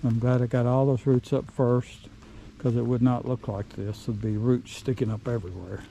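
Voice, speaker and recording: A man's voice: medium pitch, fairly even intonation, vocal fry, mellow, slight background noise, poor audio. A middle-aged man out of breath, rambling plainly while he works outdoors in the woods and vlogs. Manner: rambling, plain-spoken, pauses and restarts. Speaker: vlogger. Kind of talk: casual outdoor work vlog.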